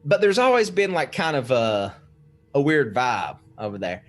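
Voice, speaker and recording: A man's voice: mid-range voice, sing-song, moderate pace, soft background music. A young man casually telling a spooky story on a podcast, swearing freely and laughing as he goes. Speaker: podcast guest.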